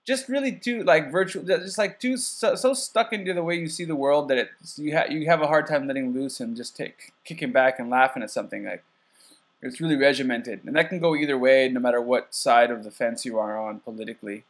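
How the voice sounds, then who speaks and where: A man talks in a halting way, restarting often as he tells his stories. His pitch is middling, and he swears freely. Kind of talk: casual conversation.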